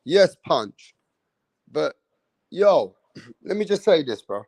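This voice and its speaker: A man's voice: fairly high pitch, very animated, slow, creaky, darkish tone, slightly rough, no echo. A young man hosting a live boxing stream, calling out viewers by name in casual street slang. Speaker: boxing livestream host.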